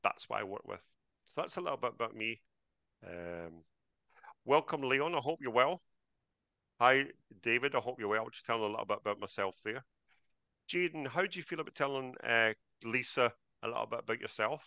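A man's voice: mid-range voice, animated, a little fast, vocal fry, bright, forceful tone, dry recording. A man hosting a live online trading class over a video call, chatty and greeting each attendee by name.

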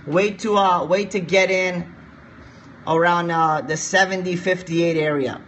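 High bright-voiced man analyzing forex live. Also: steady tone, unhurried, a little hiss or hum. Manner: coaxing viewers, repeats himself. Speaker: forex trading streamer. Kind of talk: live-stream market analysis.

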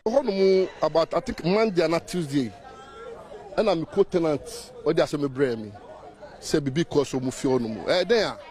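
Man interviewee, slightly high, deliberate, faint crowd behind. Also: a little mellow. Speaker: neighbor interviewee. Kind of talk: interview account in Twi and English.

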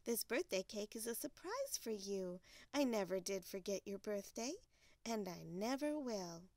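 A woman voicing a patient mother bear in a storybook, calm and gently teasing. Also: mid-range voice, unhurried, no echo.

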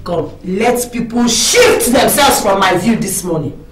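An actress with a Nigerian accent playing a sharp-tongued, quarrelsome wife who mocks and insults. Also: female voice, mid-range voice, animated, unhurried, a little hiss or hum, close to an everyday voice. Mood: taunting. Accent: Nigerian Pidgin-tinged English. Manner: taunting, insulting.

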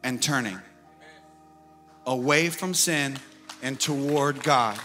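A man preaching a sermon as pastor, animated and swinging between loud and soft delivery. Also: mid-range voice, slow. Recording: long hall reverb with faint music.

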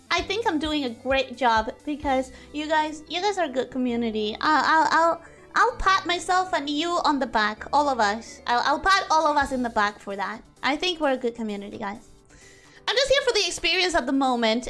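Lively high-voiced woman streamer. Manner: rambling, self-interrupting, animated. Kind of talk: casual chat while drawing.

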